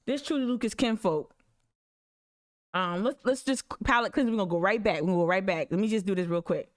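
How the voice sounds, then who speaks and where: A woman's voice: medium pitch, a little fast. A woman hosting a live stream, reacting animatedly and talking straight to her viewers. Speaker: livestream host. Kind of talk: casual livestream commentary.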